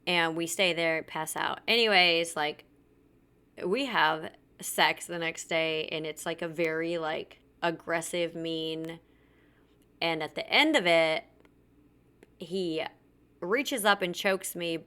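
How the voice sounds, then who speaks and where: A woman's voice: low-pitched, takes it slowly, bright, forceful tone, smooth. A woman hosting a podcast, telling a personal story candidly and bluntly, swearing freely and acting out what others said. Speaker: podcast host.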